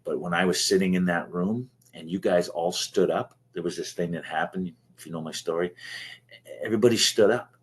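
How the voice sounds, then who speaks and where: A man's voice: sits low, steady tone, a little fast. A man from Canada giving an earnest, emotional personal share at a recovery meeting, restarting his sentences often. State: choked up.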